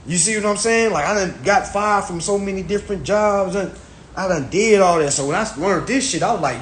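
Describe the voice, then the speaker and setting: This social media livestreamer has a high-pitched voice and talks a little fast. He chats casually but emphatically, cursing and circling back to the same phrases. There's faint noise in the background of an echoey room.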